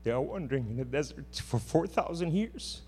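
A man preaching a sermon in church, impassioned, swinging between loud outbursts and hushed words. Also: medium pitch, expressive, brisk. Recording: hum in a reverberant hall.

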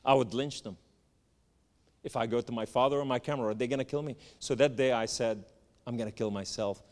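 A man giving an impassioned sermon testimony, swinging from loud cries to hushed tones. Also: mid-range voice, fairly quick. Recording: long reverb of a large hall.

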